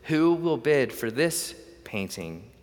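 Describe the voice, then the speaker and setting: A man's voice: medium pitch, very animated, slow pace. A man voicing a persistent male auctioneer calling out bids, in a reverberant hall recording. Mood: insistent.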